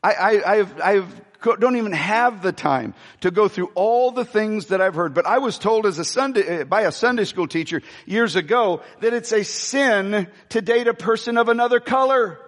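A pastor preaching a sermon, animated and repeating his phrases, asking the congregation questions as he goes. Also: high voice, moderate pace, few pauses. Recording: reverberant church hall.

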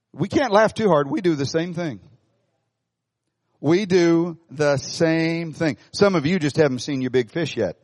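A male pastor preaching a conversational sermon in a church hall, asking the congregation questions. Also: a little high.

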